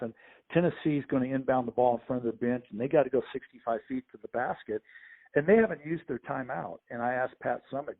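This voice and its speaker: A man, a sports official and podcast guest, telling lively anecdotes and acting out the people in them. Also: mid-range voice. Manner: animated anecdotes with quoted voices. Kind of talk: storytelling interview. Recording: phone-like narrow audio.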